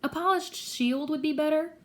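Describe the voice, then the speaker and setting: A brisk, clever teenage girl, voiced by a woman reading aloud gives orders with urgency. Her voice sits higher than the reader's own. She sounds precise and bossy. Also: a bit bright. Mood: urgent.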